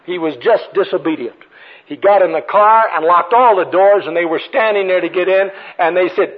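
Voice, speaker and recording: Older preacher on tinny radio. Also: male voice, fairly high pitch, moderate pace. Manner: storytelling, swings between ringing emphasis and hushed tones. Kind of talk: sermon. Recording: tinny phone-like radio broadcast.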